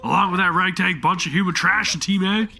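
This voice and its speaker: A man's voice: high-pitched, fairly quick, creaky, soft background music, voice pushed up, heavily acted. A man voicing a hot-tempered, scornful gang boss while reading game dialogue aloud. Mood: angry, shouting. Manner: shouting, sneering.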